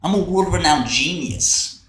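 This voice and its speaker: A man's voice: on the high side, animated, unhurried, fairly bright tone, slight background noise. A man hosting a casual livestream, ranting in a brash, profane, mocking way. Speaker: livestream host. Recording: roomy echo, faint typing.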